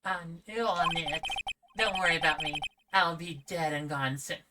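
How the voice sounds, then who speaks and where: A woman's voice: deep voice, measured pace, distant mic, heavy background noise. A woman doing a mopey heartbroken young guy. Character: gloomy heartbroken young man, self-pitying. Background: loud game music.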